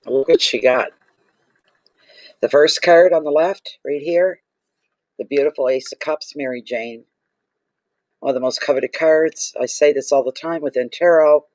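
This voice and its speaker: A man hosts a tarot reading video, talking slowly and drawing out his words. He gushes and exclaims over each card. The sound is close and dry, with no room echo. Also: fairly high pitch, darkish tone. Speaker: tarot reader. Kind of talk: casual tarot reading vlog.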